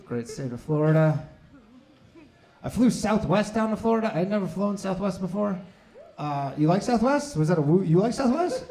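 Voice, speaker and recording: A man's voice: fairly high pitch, darkish tone. Sarcastic man doing crowd work. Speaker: stand-up comedian. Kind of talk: stand-up set. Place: comedy club stage.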